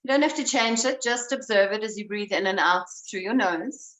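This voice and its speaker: A woman breathwork instructor leading a guided breathing exercise, giving slow, calm instructions. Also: medium pitch. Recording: roomy sound, voice away from the mic.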